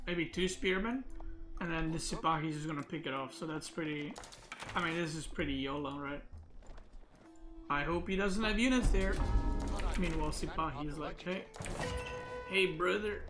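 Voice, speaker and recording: A man sits at a desk microphone, casually breaking down a recorded match and thinking out loud. His voice sits a touch high and he leans on "like" and "right?" as fillers. Music plays clearly underneath him. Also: moderate pace, pauses often. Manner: thinks aloud, filler-heavy, says "like" and "right?" a lot. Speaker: game analysis host.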